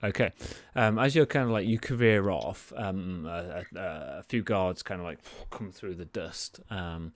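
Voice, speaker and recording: Man, game master, low voice, dry close sound, hesitant narration, many fillers. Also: normal speed, few pauses, dry recording.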